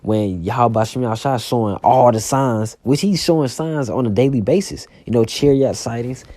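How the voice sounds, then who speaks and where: A man's voice: medium pitch, moderate pace, mellow, no room sound. A man preaching casually and reading scripture aloud, with loose talk full of "you know" and "man".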